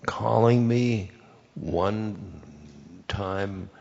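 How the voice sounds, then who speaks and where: Very slow, gravelly, halting low man. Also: a little mellow. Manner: halting, searching for words. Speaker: spiritual teacher answering questions. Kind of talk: conversation on stage. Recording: muffled recording with faint room noise.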